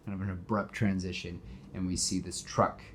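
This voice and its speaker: Male podcast co-host with a lowish voice, loose and conversational, acting out characters as he goes. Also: little pitch movement, normal speed, a little hiss or hum. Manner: retells scenes, acting out characters' lines; conversational, with fillers and restarts. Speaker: podcast co-host pitching a movie. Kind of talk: casual podcast chat.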